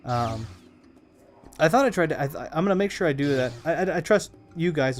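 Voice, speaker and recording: A man's voice: on the high side, lively intonation, quick pace, soft background music. A man casually chatting to viewers while he plays a video game, rambling and humming between remarks. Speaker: streamer playing a video game. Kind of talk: casual live-stream commentary.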